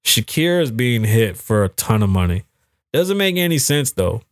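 A man's voice: mid-range voice, normal speed, dry recording, clean studio sound. A young man hosting his own talk show, riffing casually with lots of swearing and acted-out quotes. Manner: profane, animated storytelling with acted-out quotes. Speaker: podcast host. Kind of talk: casual solo commentary.

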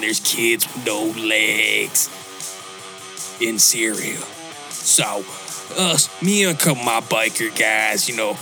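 Guy putting on a slow folksy biker dude doing a charity ad, rambly, music behind. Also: mid-range voice, close to an everyday voice. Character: gruff male biker charity spokesman, rambling. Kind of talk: comedy ad parody.

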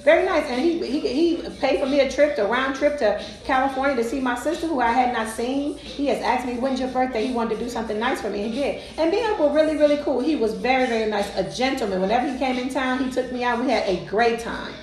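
A woman's voice: sits high, fast talker, hardly any pauses, darkish tone, reverberant, low-quality recording. Emphatic woman telling a personal story. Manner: emphatic, repetitive, colloquial.

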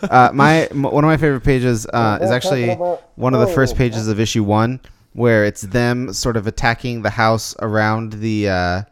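A man co-hosting a casual comic chat, relaxed and easygoing in his storytelling. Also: mid-range voice, normal speed, few pauses, a loud crowd. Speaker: podcast co-host.

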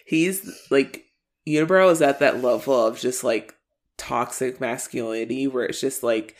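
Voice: medium pitch, a little slow. A podcast co-host with a mid-range voice rambles through thoughts about a show. They stop and restart their sentences and hunt for words. Swearing slips in easily. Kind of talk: casual recap chat.

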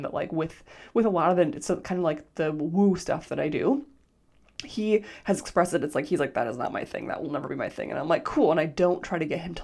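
A woman's voice: sits low, darkish tone. A woman in her thirties, a life coach, hosting her podcast in a casual, chatty solo talk, often slipping into quoted dialogue. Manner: chatty, lots of "like", quotes herself in little voices.

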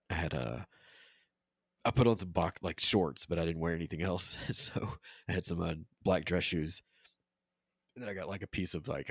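A man co-hosting a podcast in casual chat, laughing often and quoting movie lines in loud put-on voices. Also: low-pitched, husky, no echo, clean studio sound. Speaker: podcast co-host.

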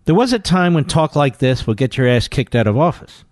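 A man's voice: mid-range voice, very animated, brisk, darkish tone, no room sound, studio quality. Combative talk radio host man. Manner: combative, scornful, emphatic.

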